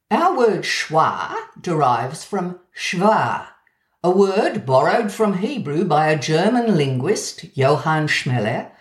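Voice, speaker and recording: A woman with an Australian accent reading a measured, gently wry scripted essay about language. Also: low voice. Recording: roomy echo.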